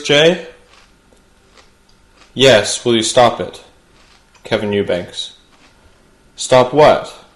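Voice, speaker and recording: Man delivering a punchy comedy monologue. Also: medium pitch. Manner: punchy joke delivery, chatty asides. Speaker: late-night talk show host. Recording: roomy studio sound.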